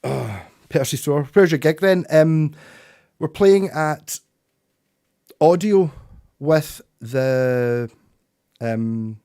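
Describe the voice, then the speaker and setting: A man's voice: a little high, drawn-out words, long pauses, dark tone, clear, resonant tone. Rambling Scottish man chatting on stream. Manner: rambling, swearing, chuckling. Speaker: livestreaming musician. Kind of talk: casual chat with viewers.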